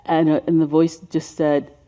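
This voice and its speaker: A woman of about seventy with a deep voice gives a seminar presentation on racial healing. She speaks softly and sinks to a whisper on emotional points. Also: flat delivery, moderate pace. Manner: soft-spoken, sinking to a whisper on emotional points.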